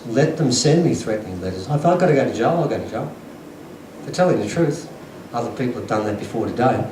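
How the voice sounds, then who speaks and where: A man's voice: mid-range voice, darkish tone. Man, conference speaker, earnest emphatic storytelling, echoey hall, distant mic, faint room hum. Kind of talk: lecture to an audience.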